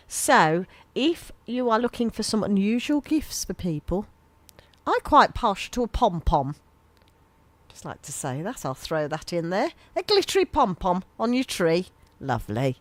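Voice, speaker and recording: A woman's voice: on the low side, dry recording. A woman, hosting a local radio show in a gushing, chatty, rambling way. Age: 50s. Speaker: radio presenter. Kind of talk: casual local radio chat. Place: small radio studio. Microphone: studio microphone.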